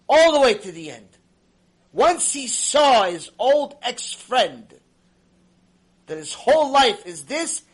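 A man, a rabbi, telling a story in a sermon with dramatic swings from loud exclamations to near whispers and Hebrew terms mixed in. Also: high-pitched, low-quality recording. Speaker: rabbi teaching a Torah class.

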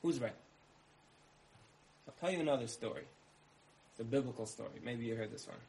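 A man's voice: medium pitch, fairly quick, darkish tone, slight background noise, poor audio. Conversational man telling parables. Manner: conversational, uses repetition and asks listeners questions. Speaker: speaker. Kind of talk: storytelling talk with parables.

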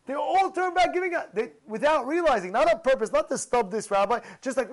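High-pitched animated rabbi telling stories. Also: male voice, a little fast, poor audio. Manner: animated, repeats phrases, mixes in Hebrew terms. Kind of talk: storytelling Torah talk.

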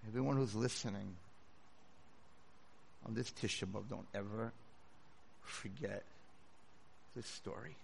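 A rabbi giving a sermon to a room of listeners, telling stories dramatically and swinging from a hush to full shouts. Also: male voice, on the low side, measured pace, creaky, long pauses, slight background noise. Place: lecture hall with audience.

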